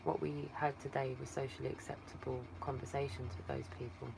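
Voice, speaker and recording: A woman with a bass voice talks a little fast in a flat, gravelly way, sounding tired after a long day of talking. She's an English livestream host, rambling affectionately and calling viewers darling from a phone set some distance off. The background is noisy.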